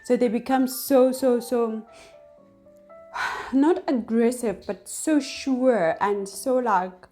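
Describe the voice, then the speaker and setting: A woman's voice: fairly high pitch, slow pace, soft background music. A woman hosting an astrology talk, explaining in a casual, chatty way with many fillers. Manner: chatty, many fillers, acts out whispered and shouted examples. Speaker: astrology channel host.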